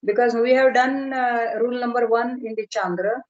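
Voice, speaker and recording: A middle-aged woman lecturing on a video call, explaining slowly and carefully and drawing out technical terms. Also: fairly high pitch, fairly even intonation, lo-fi sound. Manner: measured, explanatory, slow on terms. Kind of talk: online academic lecture.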